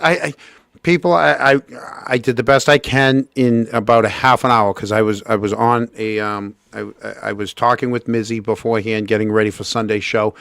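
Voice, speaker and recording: A man hosting a casual livestream who stumbles and restarts often as he talks. His voice has a medium pitch. It is recorded dry and close with no room sound. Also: a bit bright, dry recording. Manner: halting, many restarts. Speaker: host.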